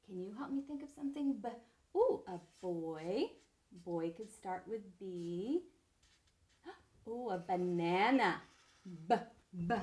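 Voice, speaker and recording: A woman teaching young children, slow and sing-song, encouraging them as she spells words letter by letter. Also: mid-range voice, a little hiss or hum. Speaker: preschool teacher. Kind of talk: early-literacy lesson for young children. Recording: roomy echo.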